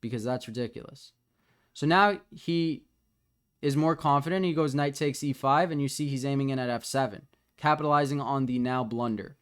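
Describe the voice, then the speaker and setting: A man's voice: mid-range voice, moderate pace, smooth. A man as a chess coach, casually talking through the moves of a student's game as he reviews it.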